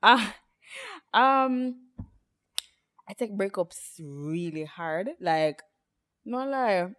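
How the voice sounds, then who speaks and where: A woman co-hosting a podcast in casual chat, chiming in with quick teasing remarks. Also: medium pitch, expressive, a bit bright. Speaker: podcast co-host.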